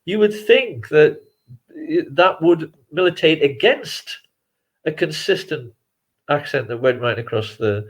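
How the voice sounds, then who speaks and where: Speaking a little slowly in a husky, higher-pitched voice with lively intonation, an English filmmaker reflects at length as an interview guest. His answers ramble, he chuckles often, and he keeps restarting his sentences.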